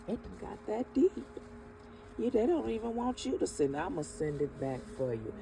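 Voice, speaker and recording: A woman's voice: medium pitch, sing-song, normal speed, dark tone, a little hiss or hum, low-quality recording. A woman hosting a spiritual energy reading with spoken affirmations, drawing out her words, calling the listener baby, and breaking into chuckles. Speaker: spiritual reader and channel host. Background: music playing.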